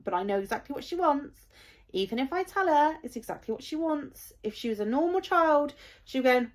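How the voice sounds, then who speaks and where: Mum in her thirties, casual vlog, heartfelt and rambling, slightly high voice. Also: sing-song, brisk. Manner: emotional, heartfelt, rambling with many fillers. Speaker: parent vlogger.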